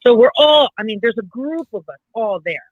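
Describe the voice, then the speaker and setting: A woman's voice: fairly high pitch, expressive, normal speed, no echo, phone-quality sound. A woman co-hosting a podcast, telling a family story casually and restarting her sentences often. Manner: rambling, with frequent restarts and self-corrections. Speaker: podcast co-host.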